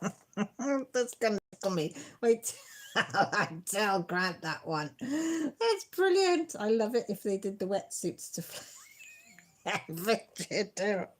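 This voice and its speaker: A woman's voice: medium pitch, big pitch swings, takes it slowly. Giggly middle-aged woman chatting. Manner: giggly, self-deprecating, chatty. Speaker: live stream host. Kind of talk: casual live chat reading viewer comments.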